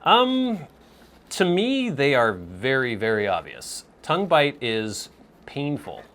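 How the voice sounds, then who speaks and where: A man's voice: mid-range voice, huge pitch swings, slow pace, a bit bright. A man hosting a casual question-and-answer video, thinking aloud and searching for words with small restarts. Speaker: host answering viewer questions. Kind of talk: casual Q&A vlog.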